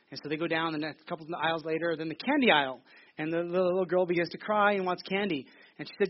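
A man's voice: on the high side, steady tone, fast talker. A man in his thirties preaching a sermon in a theater, joking and chatty, often restarting his sentences. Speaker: pastor. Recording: slightly dull lo-fi recording.

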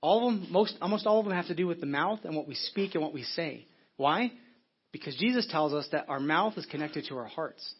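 Husky-voiced man preaching a sermon. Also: on the high side, lively intonation, a little fast, highs cut off. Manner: earnest, conversational preaching with frequent restarts. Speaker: pastor.

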